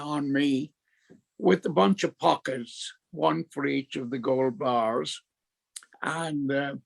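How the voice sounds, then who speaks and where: An older Irish man with an Irish accent, speaking with a fairly high voice and vocal fry, tells rambling anecdotes as an author at a talk. His storytelling is full of fillers and restarts.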